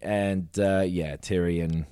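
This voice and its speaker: A man's voice: deep voice, fairly even intonation, slow, mellow, clear, resonant tone, dry recording. A man chatting casually on a podcast, recapping a TV episode in a rambling way, swearing now and then and acting out quotes. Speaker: podcast co-host.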